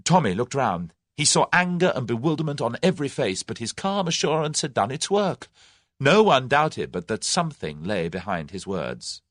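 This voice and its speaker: A man narrating an audiobook with expressive storytelling into a close microphone. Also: mid-range voice, normal speed, no room sound. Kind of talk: scripted narration.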